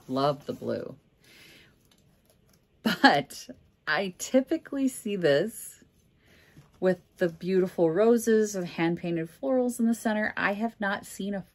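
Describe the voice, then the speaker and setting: Chatty reseller woman, lowish voice. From Minnesota. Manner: chatty, candid, joking asides. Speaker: reseller vlogger. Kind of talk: casual chat.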